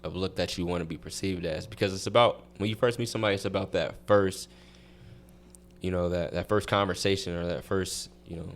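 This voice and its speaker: A man's voice: sits low, fairly even intonation, a little fast. A young man, a college track athlete, chatting as a podcast guest and telling rambling stories with many restarts. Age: young adult. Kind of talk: casual interview chat.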